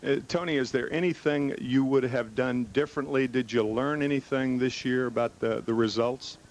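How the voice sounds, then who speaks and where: A man, a broadcast reporter, putting low-key conversational questions in a clubhouse interview. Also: steady tone, moderate pace, rough recording. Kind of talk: post-game interview questions. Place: losing team's clubhouse. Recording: crowd noise behind.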